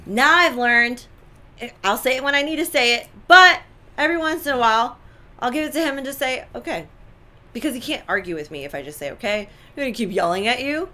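A woman co-hosting a talk show, giving relationship advice in an animated, emphatic way with lots of repetition. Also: a little high, a little fast. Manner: animated, emphatic, repeats points. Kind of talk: casual advice chat.

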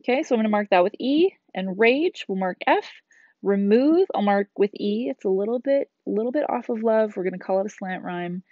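A woman's voice: mid-range voice, lively intonation, a little fast, no room sound. Woman teacher, middle-aged, chatty explainer; dull lo-fi voice-over with no room sound. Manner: chatty, explanatory, with casual asides. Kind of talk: recorded classroom lesson. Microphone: tablet screencast voice-over.

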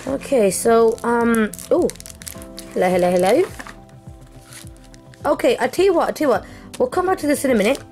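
A young woman streamer chatting casually through an unboxing, excitable and apologetic, with many fillers and restarts. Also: a little high, moderate pace, long pauses, soft background music. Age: young adult. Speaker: gaming streamer.

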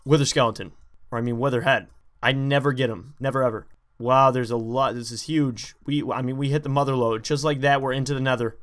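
An excitable man narrates his own gameplay to viewers in a jumpy, chatty let's play style. His voice sits at an ordinary pitch. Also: brisk. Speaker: gaming channel host.

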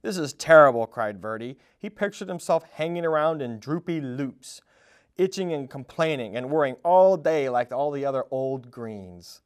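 A man reading a children's storybook aloud at a storytime, in an expressive, animated way. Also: medium pitch, normal speed. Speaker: storytime reader.

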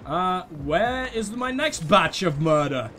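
A man commentating his own gameplay, excitable, swearing freely and giving orders to his teammates. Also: sits high, slow pace, slight background noise. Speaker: let's play host.

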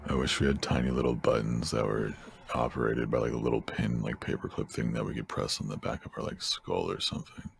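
A man musing slowly and deadpan in casual voice-chat banter, tossing out gamer jokes. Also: very deep voice, gravelly, breathy edge. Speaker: guest on a livestream voice call.

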